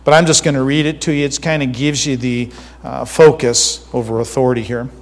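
Earnest pastor preaching in an echoing hall. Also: male voice, medium pitch, little pitch movement, a little fast. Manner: earnest, conversational, checks in with listeners. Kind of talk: sermon.

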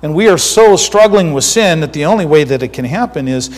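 Brief: conversational male preacher, somewhat high-pitched, earnest; reverberant room. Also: animated, brisk. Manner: earnest, conversational, checks in with listeners. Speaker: pastor. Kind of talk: sermon.

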